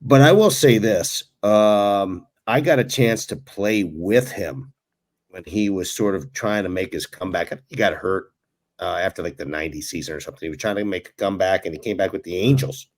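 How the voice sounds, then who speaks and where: A man, a former ballplayer, co-hosting a casual sports talk show and telling animated stories with chuckles. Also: low-pitched, fairly quick. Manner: animated storyteller who chuckles while recalling. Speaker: podcast co-host, former pro ballplayer.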